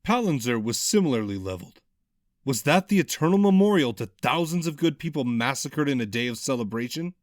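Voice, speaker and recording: A man narrates a dark fantasy audiobook with a dramatic, expressive delivery. His mid-pitched voice moves widely up and down through each sentence. The sound is close and dry, with no room around it. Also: a little fast, no echo.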